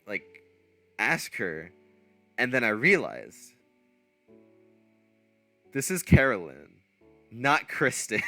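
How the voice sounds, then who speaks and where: A man tells a story in casual, meandering fashion, stumbling over fillers and restarting his sentences. His voice is bright and moves up and down a lot. Faint guitar music plays quietly underneath. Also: medium pitch, smooth, no echo. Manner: rambling anecdote with many fillers and self-corrections, laughing at himself. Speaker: streamer.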